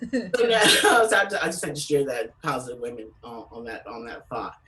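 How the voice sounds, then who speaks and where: A woman telling stand-up stories from California, animated and acting out voices with big pitch jumps. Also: fairly quick, recorded from a distance, poor audio. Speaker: comedian. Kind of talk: stand-up storytelling.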